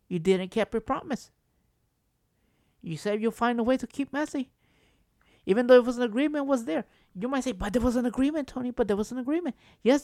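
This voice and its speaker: A man's voice: very high-pitched, darkish tone, no room sound, studio quality. A man vlogging as a football fan, ranting with passion and exasperation, swearing freely and repeating himself for emphasis. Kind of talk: emotional fan rant to camera.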